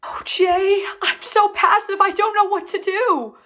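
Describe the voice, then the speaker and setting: A breathy, helpless young wife. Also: female voice, very high voice, steady tone, unhurried, pushed and bright, heavily acted. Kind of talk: student comedy stage play.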